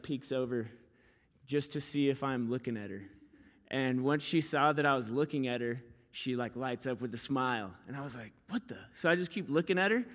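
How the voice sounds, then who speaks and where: A man's voice: high-pitched, long reverb tail. A young man preaching a sermon as pastor, in a casual, storytelling way with frequent fillers. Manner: casual, storytelling, animated when quoting.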